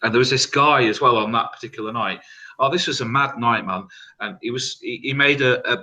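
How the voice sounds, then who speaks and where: A man, telling rambling, halting party stories with a lot of swearing in an open online hangout. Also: mid-range voice, sharp tone, poor audio. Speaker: hangout participant. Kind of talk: casual storytelling.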